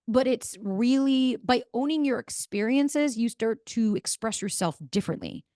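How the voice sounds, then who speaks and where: A woman, giving a blunt, animated motivational talk as a podcast host and swearing freely. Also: on the high side, normal speed, hardly any pauses, dry recording, studio quality.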